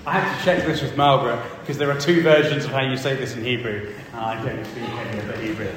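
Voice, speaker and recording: A man leading a lively church family talk, quizzing the children and reading from the Bible. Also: medium pitch, fast, a crowd in the background. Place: large echoey church hall. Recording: echoey hall, distant mic.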